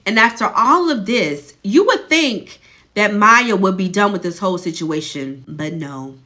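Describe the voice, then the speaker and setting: A woman's voice: mid-range voice, expressive, unhurried, sharp tone. A woman host casually retelling a TV episode in a chatty, colloquial, gossipy way. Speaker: video host recapping a TV episode. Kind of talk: casual storytelling recap.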